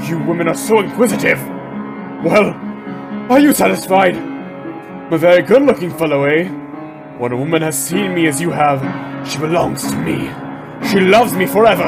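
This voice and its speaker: A man's voice: sits high, vocal fry. A man playing a tormented, possessive masked man, ranting and brooding in a theatrical monologue. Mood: raging, mocking. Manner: ranting, swinging from shouting to brooding. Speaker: actor in a student short film.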